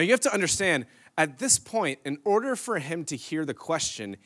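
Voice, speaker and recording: A man in his thirties, a pastor, telling a story in a sermon. He is animated, laughs often, and swings between loud bursts and hushed asides. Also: fairly high pitch. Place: church stage.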